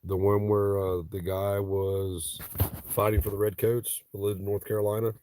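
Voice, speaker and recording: A man's voice: on the low side, level tone, normal speed, mellow, a little hiss or hum. A man from Ohio hosting a casual livestream chat with viewers, talking in a blunt, profane, joking way. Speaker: livestream host.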